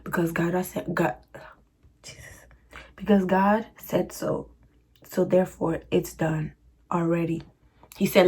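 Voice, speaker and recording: Young woman, husky voice, casual vlog Q&A, chatty and laughing. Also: fairly low pitch, a little slow, long pauses. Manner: chatty, laughs often, slangy and animated. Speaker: vlogger. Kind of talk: casual Q&A chat.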